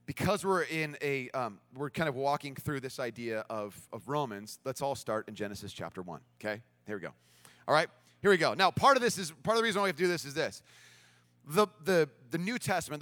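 In a voice on the high side, a preacher animatedly recounts a story from the pulpit, performing each character's voice. The recording has no room sound.

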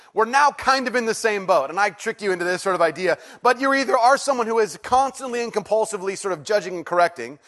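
High-voiced joking pastor leading congregation. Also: male voice, bright, forceful tone. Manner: joking, conversational, gets congregation to respond. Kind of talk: sermon. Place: church sanctuary with congregation.

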